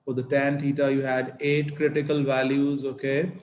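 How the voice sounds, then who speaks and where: A man's voice: mid-range voice, level tone, reverberant, slight background noise. A man teaching a maths lesson, explaining step by step and checking in with "okay?" after each point. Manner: slow, deliberate explanation with frequent "okay?" checks.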